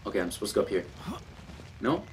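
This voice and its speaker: A man's voice: fairly low pitch, big pitch swings, quick pace, slight background noise. A young man commentating a horror game, jumpy and panicky, muttering repeated words to himself. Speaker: gameplay commentator.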